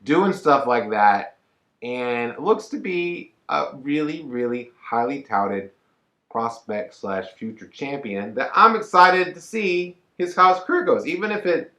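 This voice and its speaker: Co-host, man, animated and rambling, lots of jokes, pitch jumping around, roomy echo. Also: a little slow. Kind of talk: casual reaction chat.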